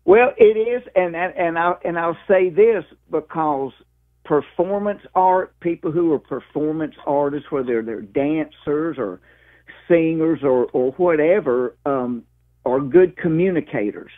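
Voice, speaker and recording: A comedian from Mississippi in his sixties with a Southern accent, telling stories in a lively, folksy way during an interview. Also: fairly high pitch, a little slow. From Mississippi, USA. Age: 60s. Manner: lively storyteller, calls the host "man" and "dude". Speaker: stand-up comedian guest. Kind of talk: interview over the phone. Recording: tinny phone line.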